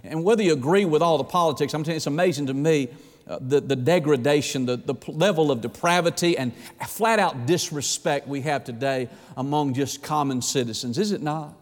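A male pastor preaching a sermon with fervor, swinging between urgent bursts and slow, hushed emphasis. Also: on the high side, long reverb tail.

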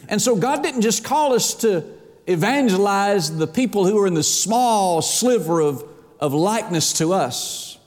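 A pastor preaching a sermon with emphatic repetition, swinging between loud pleas and soft asides. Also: male voice, on the high side. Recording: long reverb of a church hall.

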